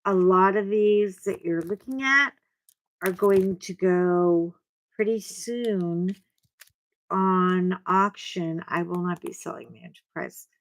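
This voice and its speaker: Slow, rambling older woman chatting. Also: lowish voice, low-quality recording. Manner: chatty, rambling and self-deprecating. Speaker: craft channel host. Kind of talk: casual chat to camera. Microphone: clip-on mic that keeps bumping.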